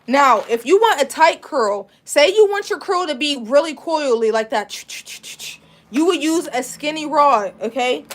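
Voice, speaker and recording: A young woman, chatting casually as she teaches a live braiding class and answers viewer questions. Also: high voice. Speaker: braiding instructor.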